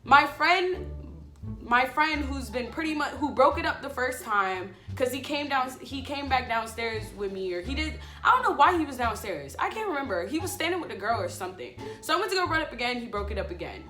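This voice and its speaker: Woman, casual storytime vlog, chatty and swearing, echoey room, faint music behind. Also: on the high side. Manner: animated, chatty, addresses viewers as y'all; swears freely. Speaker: vlogger.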